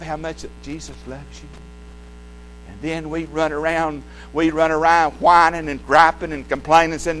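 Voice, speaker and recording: Older man, preacher, sermon, slightly high voice, faint electrical hum, loud-to-hushed delivery, repeated questions. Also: poor audio. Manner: asks the congregation repeated questions.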